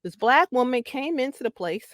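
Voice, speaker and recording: A woman's voice: high voice, lively intonation, moderate pace, fairly bright tone, slight background noise. Emphatic woman guest in casual commentary. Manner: emphatic, repeats points, laughs easily. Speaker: podcast guest.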